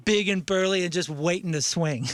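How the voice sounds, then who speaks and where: A man hosting a talk show, telling a travel story with lots of energy and acting out the people in it with loud put-on voices. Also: sits high, moderate pace, dry recording. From United States. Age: adult with kids. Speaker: radio show host.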